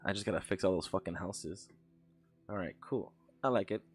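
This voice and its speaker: A man's voice: deep voice, moderate pace, soft background music. A young man streaming while he works on an animation, chatting casually, rambling, laughing and swearing as he tells stories.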